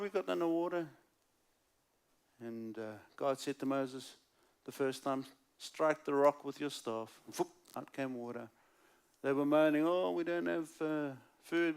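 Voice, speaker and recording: A man preaching a sermon as a guest speaker at a church service, alternating loud, emphatic lines with hushed, quiet asides. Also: medium pitch.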